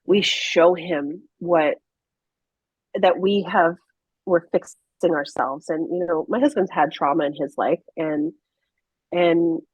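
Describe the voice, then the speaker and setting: A woman's voice: lowish voice, slightly rough, dry recording, highs cut off. A middle-aged woman telling her story as a podcast guest, earnest and emphatic, with many restarts. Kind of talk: candid conversational storytelling.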